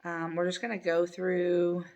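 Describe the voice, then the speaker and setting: A woman's voice: fairly low pitch, completely flat delivery, unhurried, a little mellow, dull audio. A middle-aged woman hosting a crochet channel, chatting casually and rambling with many ums from her living room at home. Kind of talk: casual chat to camera.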